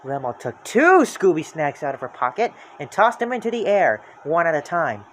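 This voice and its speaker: A storybook reader narrating a children's book aloud in a lively, expressive way. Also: medium pitch, normal speed, slight background noise.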